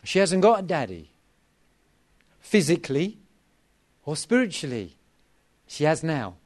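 A man's voice: fairly high pitch, very animated, unhurried, a little mellow. A middle-aged man preaching a sermon to a gathering, with an emphatic delivery full of repetition.

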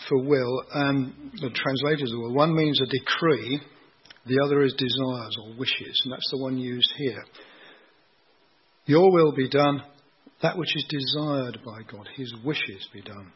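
A man giving a sermon, explaining scripture in an unhurried teaching manner and asking rhetorical questions. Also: medium pitch, husky, lo-fi sound. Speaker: preacher.

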